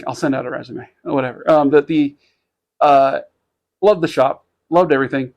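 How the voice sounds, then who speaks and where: Gravelly-voiced man telling a rambling story. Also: medium pitch, moderate pace, a little mellow, dull audio. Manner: rambling, many restarts and fillers, laughs while telling stories. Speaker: podcast co-host. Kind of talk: casual chat, storytelling.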